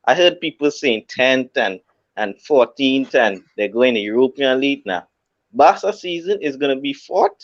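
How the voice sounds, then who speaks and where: A man's voice: mid-range voice, lively intonation, moderate pace. A man giving blunt, slangy football opinions in a casual chat, often restarting his sentences. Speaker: co-host. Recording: slightly dull audio.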